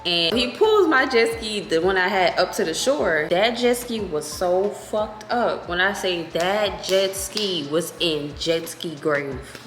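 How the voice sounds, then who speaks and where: A young woman vlogger telling a story in a casual, animated, profane way. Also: lowish voice, slow pace, hardly any pauses. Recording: echoey room with faint music.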